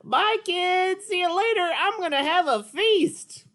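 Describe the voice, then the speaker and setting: A man's voice: very high voice, lively intonation, unhurried, fairly bright tone, pitched above the performer's own voice, exaggerated voice. A man voicing a sweet, eager little male winged puppet creature in a puppet show for kids, talking in a childlike, pleading way.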